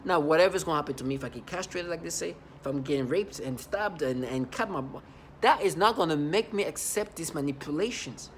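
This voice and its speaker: A man talking to camera in a rambling, halting monologue, repeating words and stressing points earnestly. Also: a little high, expressive, a bit bright, slight background noise. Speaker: vlogger.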